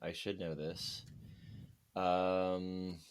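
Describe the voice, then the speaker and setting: A man's voice: deep voice, level tone, very slow, clean tone. A man playing a trivia game, joking around and being playfully pedantic. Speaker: trivia contestant. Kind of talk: casual game banter.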